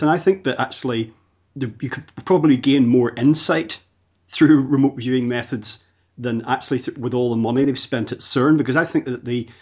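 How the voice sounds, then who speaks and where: A man's voice: mid-range voice, slightly rough. A man speaking reflectively in a conversation, working through ideas in long, searching sentences. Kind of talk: conversational interview talk. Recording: dull lo-fi audio.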